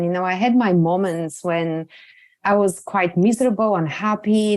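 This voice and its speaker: A woman guest speaking on a remote podcast interview, earnest and reflective, with halting restarts. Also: medium pitch, darkish tone.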